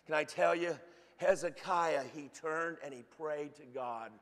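A pastor preaching a sermon with fervent energy, often stumbling into repeated restarts. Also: male voice, a little high, unhurried, fairly bright tone, big-room sound. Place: church sanctuary.

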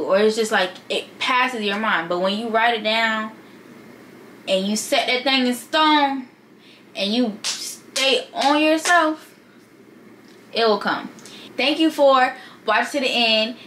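A young woman with a bright, ringing voice pitched a little high. She gives casual vlog advice in a sassy, slangy way, talking straight to her viewers. A faint hiss sits under her voice. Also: measured pace, rough recording. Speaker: vlogger.

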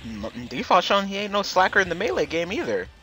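Man, bright voice, lively swooping pitch, casual game commentary, excitable and chatty. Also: fast talker, soft background music. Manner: excitable, chuckling, rambling asides. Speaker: gameplay commentator.

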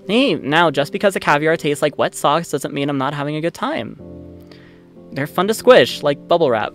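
Loud, profane young man reading a game aloud. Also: on the high side, animated, normal speed, faint music behind. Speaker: let's play streamer. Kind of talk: reading a visual novel aloud with reactions.

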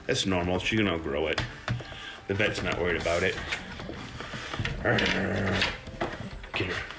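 A man who breeds dogs, chatting casually to viewers while filming his puppies at play and often cooing to them in a high voice. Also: steady tone, slow pace, gravelly, heavy background noise. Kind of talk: casual running commentary to viewers.

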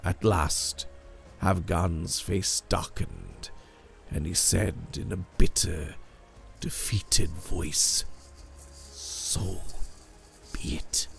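A man retelling an old legend in measured, dramatic scripted narration. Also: low voice, fairly even intonation, creaky, soft background music. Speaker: storyteller.

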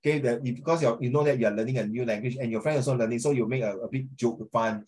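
A man teaching a language class in colloquial English, keeping it lively and checking with tag questions that his students follow. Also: mid-range voice, quick pace. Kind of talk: informal classroom lecture.

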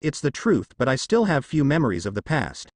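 A bitter, guarded young man from a fan story, spoken by a man in his ordinary voice. The delivery is even, with an animated pitch line, and the recording is dry. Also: fairly quick, dry recording.

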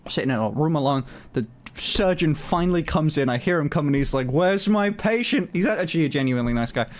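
A man telling a story on his stream in a casual, animated way, swearing often and filling his talk with "like". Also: fairly high pitch, quick pace. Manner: animated, swears a lot, many fillers.

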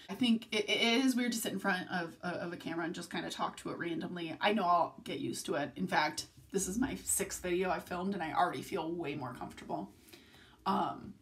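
A young woman vlogging casually from home at night, rambling through tangents and swearing often. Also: fairly low pitch. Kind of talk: casual confessional vlog. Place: home room, filmed at night.

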